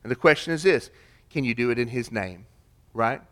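A man preaching a sermon, emphatic, swinging between loud declarations and hushed, quiet stretches. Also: mid-range voice, expressive, brisk. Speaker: pastor.

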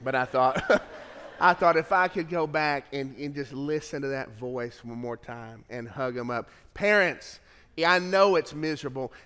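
Middle-aged pastor preaching in a reverberant hall. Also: male voice, mid-range voice, measured pace, smooth. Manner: earnest storytelling, swells louder on key phrases. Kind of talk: sermon.

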